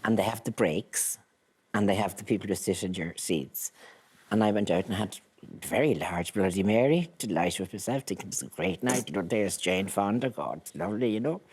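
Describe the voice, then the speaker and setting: A woman's voice: a bass voice, animated, fairly quick, darkish tone, husky. An older Irish woman, a guest in a casual chat, telling stories with dry wit and laughter. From Ireland.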